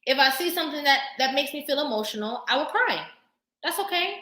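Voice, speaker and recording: A woman vlogger talking casually to camera, sassy and animated, laughing often. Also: sits high, a little fast, roomy sound.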